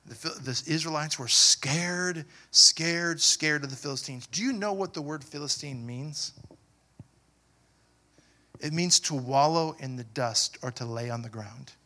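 Bright-voiced high male pastor preaching. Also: measured pace. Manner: preaching with call-and-response questions to the congregation; builds to loud emphatic preaching. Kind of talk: sermon.

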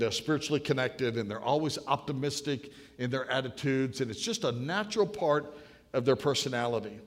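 A man in his late fifties giving a sermon at a podium, telling folksy, humorous stories from his own life before turning to a message. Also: a little high. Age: late 50s. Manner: folksy, anecdotal, builds to punchlines. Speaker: speaker at a podium. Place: large hall with an audience. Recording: long reverb of a large hall.

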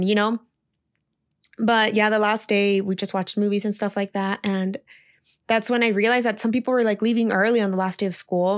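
Chatty young woman telling a story. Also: medium pitch. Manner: chatty, heavy use of "like", emotional retelling. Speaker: teacher leaving her job. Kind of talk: casual storytelling vlog.

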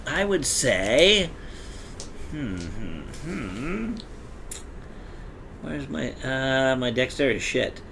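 A man's voice: medium pitch, sing-song, extremely slow, creaky, long pauses, fairly bright tone, slight background noise. A man playing a tabletop game, chatting casually in a rambling, hesitant way. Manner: rambling, hesitant, laughs a lot. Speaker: player.

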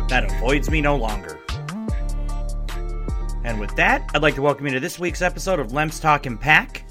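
A young Midwestern man from Wisconsin hosting a casual sports podcast from his basement, his voice a little hoarse from shouting, talking in an excitable, sarcastic, emphatic way. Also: a little high, normal speed, long pauses, over music. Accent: Midwestern American. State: strained, slightly hoarse voice. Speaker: podcast host. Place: home basement.

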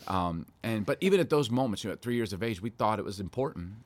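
A middle-aged man telling family stories in a casual chat, animated and laughing often. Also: fast talker. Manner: animated storytelling, laughing, voice jumping high for quotes.

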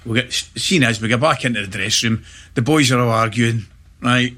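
A middle-aged Scottish man, a former footballer, telling lively anecdotes in casual chat, often checking in with "right?". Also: medium pitch. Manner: animated anecdotes, quick asides like "right?". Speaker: former footballer and pundit guest.

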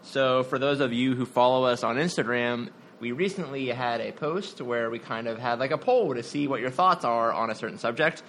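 Bright voiced guy co-hosting a chill podcast, dry jokes, faint background hiss. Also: mid-range voice, normal speed, few pauses. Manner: relaxed, reads listener updates with dry humor. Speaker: podcast co-host. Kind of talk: casual podcast chat.

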